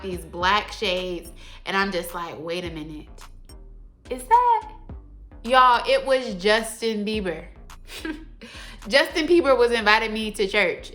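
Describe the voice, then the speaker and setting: A young adult woman telling a story to her viewers in a casual, animated, slangy way. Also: mid-range voice. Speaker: vlogger.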